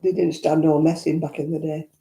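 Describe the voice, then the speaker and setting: Speaking quickly with a deep, gravelly, dark voice that barely rises or falls, this older Northern English vlogger answers viewer comments indoors at home. Her tone is casual and nostalgic, peppered with blunt remarks, and the room echoes.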